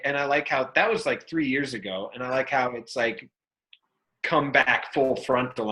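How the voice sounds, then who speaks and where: A man's voice: medium pitch, moderate pace, bright, forceful tone, a little hiss or hum, poor audio. A man facilitating a live workshop class in a room, loose and playful, breaking into whoops. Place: room with an audience.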